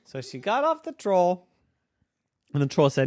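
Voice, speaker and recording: A parent telling an improvised bedtime story in a playful, unhurried way. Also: medium pitch, big pitch swings, darkish tone.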